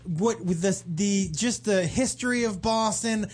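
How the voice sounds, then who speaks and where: A man co-hosting a casual radio talk show, animated and swearing, with halting restarts. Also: sits high. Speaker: co-host.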